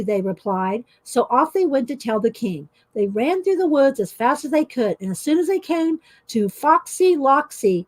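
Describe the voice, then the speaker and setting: A woman's voice: fairly high pitch, sing-song, normal speed, few pauses. A woman hosting a casual art journaling chat from home, reading stories aloud with expression and laughing often. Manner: chatty, warm-hearted, laughs often, reads stories with expression. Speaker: art journaling video host.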